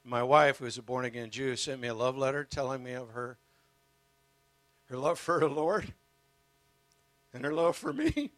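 A man's voice: mid-range voice, animated, moderate pace, long pauses, a bit bright, dry recording. An older man preaching as a guest speaker, earnest and emotional, telling his story with humor. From United States. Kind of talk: sermon.

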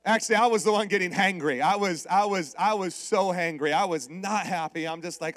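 High-voiced male preacher, dry close sound. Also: fairly quick, hardly any pauses, no echo. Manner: animated storytelling with call-outs to the congregation. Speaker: pastor. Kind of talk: sermon.

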